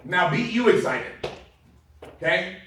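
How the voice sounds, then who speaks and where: A man giving an energetic, enthusiastic sales training talk to a room, laughing often between points. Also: high voice, unhurried, a little hiss or hum. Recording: very echoey room heard from far off.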